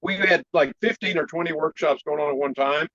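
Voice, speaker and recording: A man tells a story in an interview, animated and quick to laugh. His voice sits a bit high for a man. The sound is dry and a little muffled, like a lo-fi call recording. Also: no room sound. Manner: animated storyteller, laughs often, clears throat. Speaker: martial arts teacher, interview guest.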